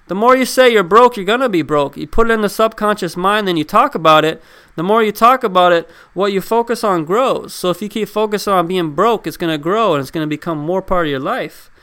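Man, high-pitched, smooth clear voice, casual motivational talk, conversational, repetitive emphasis, asks listeners questions. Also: lively intonation, a little fast, sharp tone. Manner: conversational, drives points home with repetition; addresses listeners directly with questions. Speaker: self-help speaker.

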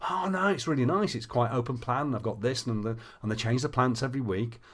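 A man's voice: mid-range voice, fairly quick, fairly bright tone, natural voice. A man briefly quoting a tall, dominant woman who is his coaching client, in a voice close to his own. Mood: matter-of-fact.

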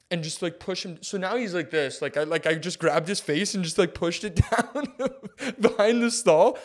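Young male podcast co-host, casual storyteller, animated, heavy on filler words. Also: a little high. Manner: animated, filler-heavy, says "like" and "dude" constantly.

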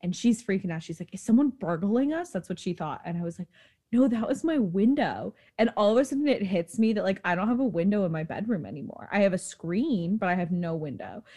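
Fast-talking young woman telling a story. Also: fairly low pitch, lively intonation, a little mellow. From New York. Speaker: podcast co-host. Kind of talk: casual storytelling chat.

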